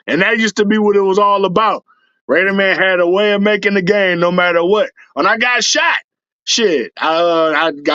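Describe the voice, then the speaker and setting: Profane, animated man telling stories. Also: high voice, no echo, lo-fi sound. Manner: profane, animated, breaks into shouts and laughs. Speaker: podcast guest, superfan. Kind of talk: casual storytelling.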